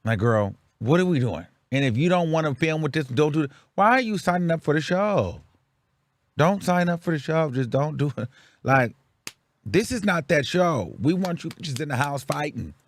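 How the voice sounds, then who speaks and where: A man's voice: fairly high pitch, expressive, normal speed. A young man from the Bay Area hosting his show, giving blunt, sassy commentary on reality TV in casual chat. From Bay Area, California. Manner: sassy, blunt, repetitive rants. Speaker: show host.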